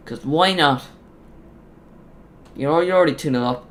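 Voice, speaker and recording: A man commentating live on a football match as a streamer, chatty and rambling, getting loud on big moments, with his voice cracking. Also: fairly high pitch, moderate pace, a little hiss or hum. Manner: chatty, rambling, excitable on goals. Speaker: watch-along streamer.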